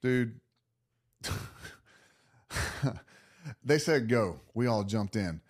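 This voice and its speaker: A man guest on a podcast, telling a story in a casual, animated way, laughing and restarting his sentences. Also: fairly low pitch, very slow. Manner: animated, laughing, lots of restarts and acted self-talk.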